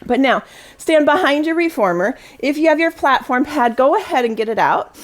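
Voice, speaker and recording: A woman's voice: high voice, lively intonation, moderate pace. A woman leading a Pilates class, giving cues and counting reps down in an encouraging way. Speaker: Pilates instructor. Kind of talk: guided workout instruction with counting.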